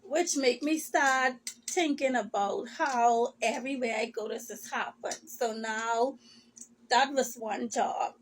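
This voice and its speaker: A woman's voice: on the high side, takes it slowly, slight background noise. A woman giving an emotional personal testimony, impassioned and repetitive, sometimes tearful, addressing her listeners as people of God.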